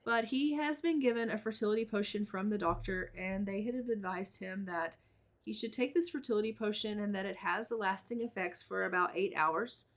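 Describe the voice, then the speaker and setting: A woman's voice: mid-range voice, moderate pace. A woman narrating a life-sim game in a chatty, storytelling way. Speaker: let's play narrator.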